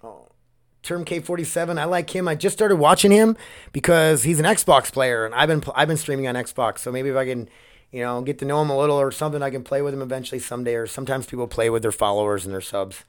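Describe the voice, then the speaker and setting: A man's voice: medium pitch, fairly even intonation, quick pace. A man hosting his own solo podcast, talking casually in a rambling, candid way and swearing often, close on the mic. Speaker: podcast host.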